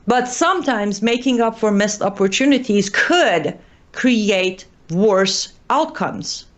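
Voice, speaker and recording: A woman's voice: mid-range voice, lively intonation, slow. A woman from Iran hosting an online show, giving earnest, pleading political commentary while exhausted and short on sleep.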